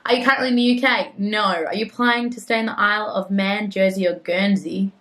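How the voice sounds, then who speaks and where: A young Australian woman chats her way through a casual vlog, reading text aloud in a mid-pitched voice. She is easily sidetracked and self-mocking, and drops into quiet muttered asides. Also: fairly even intonation, a little fast, poor audio. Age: young adult. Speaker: vlogger.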